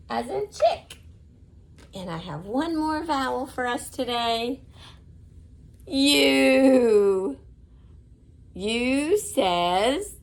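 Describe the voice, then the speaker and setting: A woman teaching young children the vowel sounds, drawing out each sound slowly and praising them. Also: fairly high pitch, big pitch swings, gravelly. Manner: slow, sing-song, drawn-out repeated sounds, encouraging; warm praise and soft blessing to close. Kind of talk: slow phonics lesson for children.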